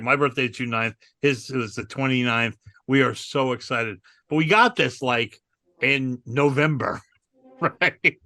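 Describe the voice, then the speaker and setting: Gravelly, bright-voiced man telling a story. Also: mid-range voice, moderate pace, dry recording. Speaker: podcast co-host. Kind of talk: casual comedic storytelling.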